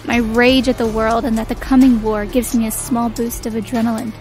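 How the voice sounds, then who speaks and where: Young female elf soldier narrating her own story in an audio drama, played by a young woman: bitter, defiant, flat delivery. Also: on the high side, brisk, faint music behind, natural voice. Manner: bitter, defiant inner monologue.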